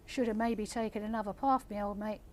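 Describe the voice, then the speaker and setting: Older woman reading a man who mutters dry self-rebukes, quiet, storybook feel. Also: high voice, steady tone, brisk, slight background noise, natural voice. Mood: self-mocking. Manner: muttering wry self-scolding.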